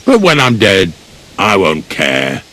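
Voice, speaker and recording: An actor playing a blunt, grumbling village gravedigger in a video game, speaking. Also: male voice, sits low, huge pitch swings, takes it slowly, sharp tone, full character voice. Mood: gruff.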